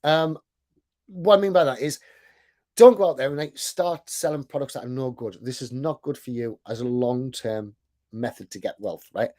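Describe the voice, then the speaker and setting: A man's voice: mid-range voice, normal speed, a little mellow. Guy w/ thick accent running a casual sales talk, rambly and self-mocking, keeps saying right?. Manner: chatty, self-deprecating, checks in with "right?". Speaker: online sales coach and business owner. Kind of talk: casual presentation.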